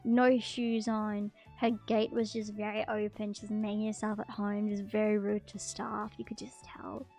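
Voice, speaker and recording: A woman's voice: medium pitch, completely flat delivery, moderate pace, hardly any pauses, darkish tone, faint music behind. A woman telling a story to her stream in a casual, blunt way, swearing freely and filling her talk with ums and likes.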